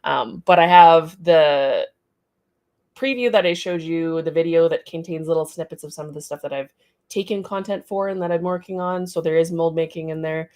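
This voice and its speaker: A woman's voice: deep voice, normal speed, a little mellow. A middle-aged woman casually chatting on a livestream about her art studio, rambling and greeting viewers as she reads their comments. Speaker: artist hosting a studio livestream.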